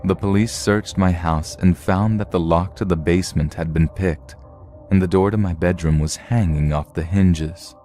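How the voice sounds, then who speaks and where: Deep-voiced man reading horror stories. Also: soft background music. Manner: steady, measured storytelling read. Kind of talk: scripted horror story narration.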